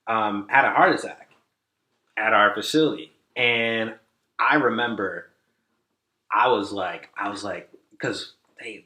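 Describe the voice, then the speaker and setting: Brief: male podcast guest, lowish forceful voice, rambling storyteller full of fillers, echoey room. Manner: rambling, many "like" fillers, acts out quoted dialogue. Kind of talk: casual storytelling.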